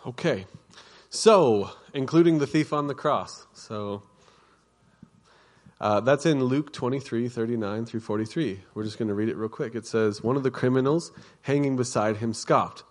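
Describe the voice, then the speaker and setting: A man's voice: mid-range voice, unhurried, darkish tone. A man giving a conversational sermon, chatty and informal, with frequent restarts and asides.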